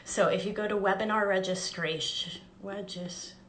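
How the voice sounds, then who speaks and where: Mid-range and steady, a bit bright, this woman talks at normal speed during a casual live stream. She's a life coach and podcast host given to cheerful, self-deprecating asides, heard in an echoey room with faint background noise.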